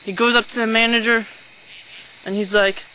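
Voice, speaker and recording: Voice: mid-range voice, flat delivery, moderate pace, sharp tone, slight background noise, lightly acted, poor audio. A performer playing a rude, hot-tempered man shopper who rants, swears and threatens in an amateur sketch. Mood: ranting.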